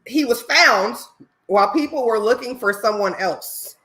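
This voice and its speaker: Bright-voiced woman, laughing podcast chat. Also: on the high side, lively intonation, a little slow. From Chicago. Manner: laughing, filler-heavy storytelling. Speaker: podcast co-host. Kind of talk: casual chat.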